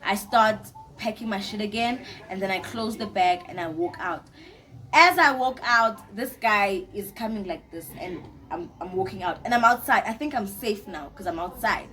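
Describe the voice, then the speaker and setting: Young woman, casual storytelling, animated, repeats herself. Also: mid-range voice, moderate pace. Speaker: storytime vlogger.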